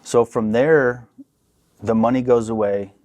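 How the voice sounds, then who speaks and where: A young man telling a story on a podcast in a casual, profane, animated way, acting out what people said. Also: mid-range voice, unhurried. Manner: profane, animated, acts out quotes. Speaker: podcast guest.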